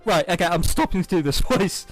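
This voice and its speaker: A man hosting a let's play, reading a visual novel and making quick joking asides. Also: sits high, animated, soft background music. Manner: jokey, laughs often, quick asides. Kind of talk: casual game commentary.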